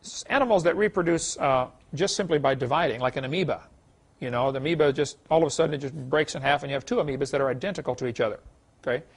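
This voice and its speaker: A fairly high, husky male voice racing along very fast. The middle-aged man is giving a creation seminar lecture in a lecture hall, chuckling folksily at the stories he tells.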